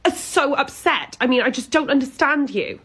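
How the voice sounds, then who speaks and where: A woman's voice: sits high, animated, normal speed, a bit bright, pitched above the performer's own voice. A woman playing a pompous, self-important pub manager who scolds her staff in a haughty tone.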